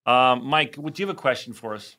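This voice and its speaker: A man's voice: mid-range voice, expressive, fairly quick, pushed and bright. A man in his forties co-hosting a podcast, chatting casually, laughing often and tripping into restarts. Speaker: podcast co-host. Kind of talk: casual chat.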